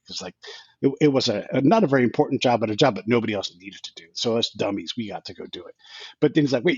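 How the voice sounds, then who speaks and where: Husky, fast-talking man telling a story. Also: fairly low pitch, no room sound, highs cut off. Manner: rambling, with many restarts and quoted asides. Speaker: podcast guest. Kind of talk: casual storytelling.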